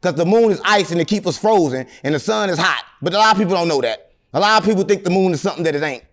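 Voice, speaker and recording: A middle-aged man, telling long rambling stories with deadpan jokes as an interview guest. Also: high-pitched, rapid-fire. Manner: animated, rambling, deadpan joking. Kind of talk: rambling storytelling in casual interview.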